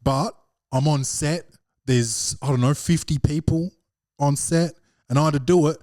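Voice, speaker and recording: A man's voice: on the high side, a little slow, a little mellow, no room sound, clean studio sound. An Australian man hosting a podcast as a comedian, rambling and profane, peppering his talk with slang. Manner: profane, rambling storyteller, slangy with repeated "bro". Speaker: podcast host and stand-up comedian. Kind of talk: casual rambling monologue.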